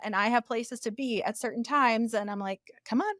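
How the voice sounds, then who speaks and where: High-voiced chatty young woman. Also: normal speed, no echo, studio quality. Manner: laughs often, animated storytelling. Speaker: podcast co-host. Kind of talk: casual chat.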